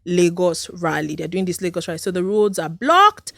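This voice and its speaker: A woman's voice: lowish voice, animated, moderate pace, gravelly, fairly bright tone, no echo, clean studio sound. A young Nigerian woman hosting her podcast, bubbly and hyped up, chatting casually on her own. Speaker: podcast host. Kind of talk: casual solo podcast chat.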